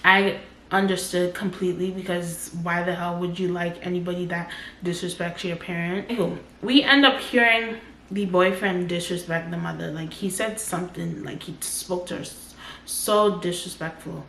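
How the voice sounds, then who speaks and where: A woman's voice: lowish voice, fairly even intonation, normal speed, creaky, a bit bright, a little hiss or hum. Young woman telling a story, roomy echo. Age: 20s. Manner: talks in loose run-on sentences full of "like". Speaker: storytime vlogger. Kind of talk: casual storytelling.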